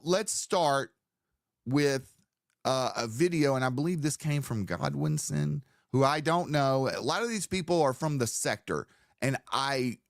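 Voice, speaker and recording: A man's voice: on the high side, no room sound, clean studio sound. A man hosting a live stream, talking in a casual, profane, rambling way as he sets up a commentary segment. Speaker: streamer host.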